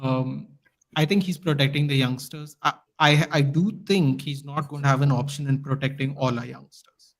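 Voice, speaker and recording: A man as a guest on a podcast, talking in a casual, animated, ranting way. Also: mid-range voice, normal speed, rough recording. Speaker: guest fan commentator.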